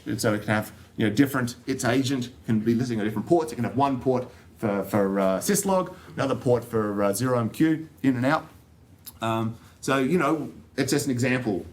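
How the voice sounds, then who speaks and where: An Australian man giving a technical talk to an audience, joking and rambling with plenty of fillers and restarts. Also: medium pitch. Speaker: conference speaker. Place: conference room.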